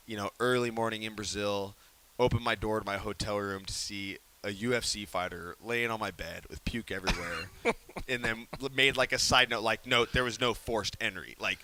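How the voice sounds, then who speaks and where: Man telling a wild story, bright voice. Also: on the low side. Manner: animated, laughing, acts out quotes in hushed whispers. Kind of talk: casual interview storytelling. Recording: faint hiss.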